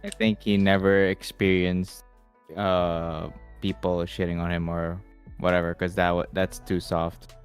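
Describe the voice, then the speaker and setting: A man's voice: low-pitched, level tone, unhurried, clear, resonant tone, faint music behind. A man chatting casually on a stream, easygoing, often restarting his sentences. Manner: hesitant, many restarts and fillers, easygoing.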